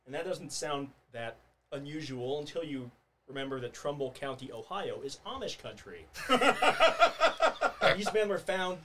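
Man, podcast co-host, slightly high voice, chuckling storyteller, noisy background. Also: big pitch swings, measured pace, pauses often. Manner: laughs often while telling stories. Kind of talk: casual chat, reading out a news story.

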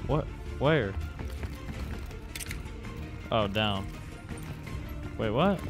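A man's voice: on the low side, animated, drawn-out words, over music. Man swearing through gameplay commentary. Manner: swears often, reacts in short bursts. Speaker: gamer.

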